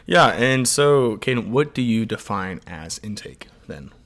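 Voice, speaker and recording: Lively young man in casual banter. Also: lowish voice. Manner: playful, joking, quick laughs. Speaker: podcast co-host. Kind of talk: casual chat.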